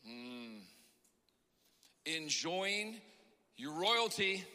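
A man preaches an emotional sermon in a church. His voice sits high and rings sharp and bright, and it climbs into passionate shouts. Long hall reverb trails every phrase. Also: big pitch swings, very slow. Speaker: pastor.

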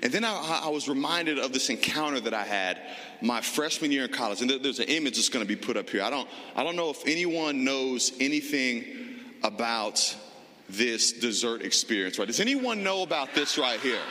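A middle-aged man preaching a sermon to a live congregation, telling a story in an animated, conversational way. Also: medium pitch, moderate pace. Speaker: pastor. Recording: reverberant hall, faint ambience.

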